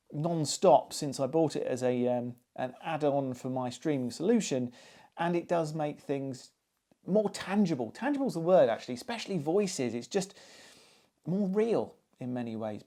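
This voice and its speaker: Chatty man, mellow voice. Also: on the high side. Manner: chatty, musing, with frequent ums and asides. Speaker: hi-fi reviewer. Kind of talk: casual spoken product review.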